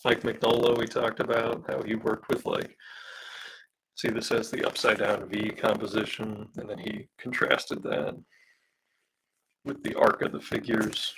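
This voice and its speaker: A man with a low, gravelly, very raspy voice, hoarse from smoke. He rambles casually through a live drawing stream with lots of ums and pauses, reading viewer comments aloud. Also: completely flat delivery, fairly bright tone, low-quality recording. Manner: rambling, hesitant, many fillers, reads out viewer comments. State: losing his voice from smoke. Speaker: comic artist streaming a live drawing session.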